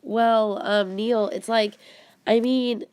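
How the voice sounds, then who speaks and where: A woman's voice: on the high side, fairly even intonation, slow pace, a little mellow, clean tone. A woman voicing a cautious, earnest boy who talks hesitantly. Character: cautious boy, plans things.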